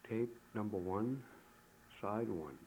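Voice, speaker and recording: A man giving a recorded language lesson, saying the sounds slowly and deliberately, one syllable at a time. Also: fairly low pitch, a little mellow, poor audio. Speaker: language teacher. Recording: old tape recording with faint hiss.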